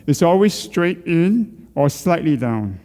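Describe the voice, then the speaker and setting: A man's voice: fairly high pitch, sing-song, takes it slowly, warm tone, long reverb tail. A middle-aged man leading a group through neck exercises. He coaches, asks questions and jokes with the class. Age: middle-aged or older. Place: church hall.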